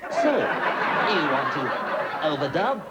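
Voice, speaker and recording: A man's voice: a little high, big pitch swings, slow pace. A male comedian voicing a smug casting agent in a knowing drawl, in front of a noisy live crowd. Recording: live club with loud crowd noise.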